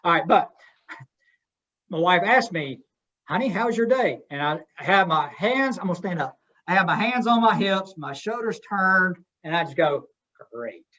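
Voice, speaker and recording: Man presenter, fairly high voice, folksy and interactive, muffled webinar sound. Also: expressive, normal speed, sharp tone. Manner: folksy, asks the audience questions. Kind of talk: interactive workshop talk. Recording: dull lo-fi webinar audio.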